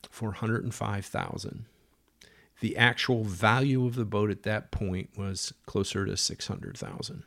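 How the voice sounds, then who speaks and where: A man's voice: on the low side, vocal fry. A middle-aged man telling a story in a rambling, conversational way, full of fillers and acted-out quotes. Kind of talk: casual spoken storytelling.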